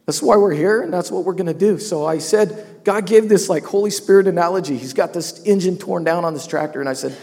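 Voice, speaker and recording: Man, personal testimony, higher voice, emotional, laughing, long hall reverb. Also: a little fast, hardly any pauses, a little mellow. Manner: storytelling, tearful at moments, laughs often. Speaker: business owner sharing a testimony.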